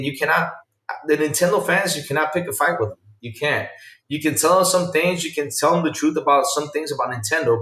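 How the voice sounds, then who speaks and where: A man hosting a casual live-streamed podcast, reacting with loud exclamations and reading viewer chat aloud. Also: fairly high pitch, reverberant, distant mic.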